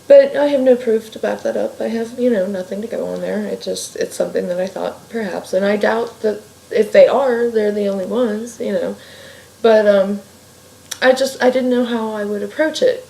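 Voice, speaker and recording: A woman's voice: mid-range voice, normal speed, vocal fry, mellow. A woman from Ohio, a fiction writer, talking casually in a rambling, sidetracked way and swearing freely. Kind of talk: casual vlog chat. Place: home room. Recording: echoey room with faint ambient noise.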